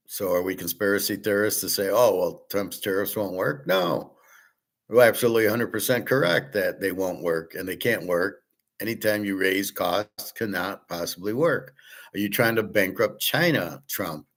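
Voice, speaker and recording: A man's voice: fairly low pitch, fairly bright tone. A man hosting a casual opinion monologue, blunt and profane, arguing with rhetorical questions. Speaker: host.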